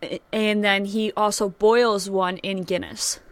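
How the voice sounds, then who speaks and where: A woman's voice: mid-range voice, little pitch movement, measured pace, no room sound. A woman co-hosting a podcast in casual, teasing chat. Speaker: podcast co-host.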